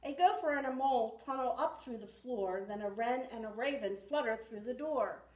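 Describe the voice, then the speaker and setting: A woman's voice: fairly high pitch, normal speed, darkish tone. A woman reading a rhyming picture book aloud at a library storytime with rhythmic expression. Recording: echoey room, far from mic.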